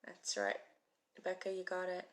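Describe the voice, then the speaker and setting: A woman's voice: lowish voice, monotone, normal speed. A woman teaching a live-streamed Hebrew reading class, chatty and encouraging as she calls out viewers by name. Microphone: phone mic.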